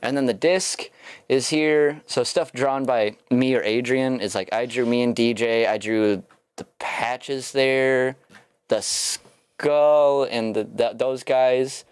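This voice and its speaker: A man's voice: mid-range voice, slow, smooth, no echo. A man co-hosting a livestream, chatting casually in a rambling way and laughing often. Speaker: livestream co-host. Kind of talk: casual stream chat.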